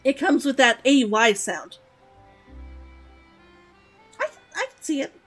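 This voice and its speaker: A woman's voice: sits high, very animated, takes it slowly, fairly bright tone, faint music behind. A woman streaming a game, chatting casually and giggling as she answers her chat.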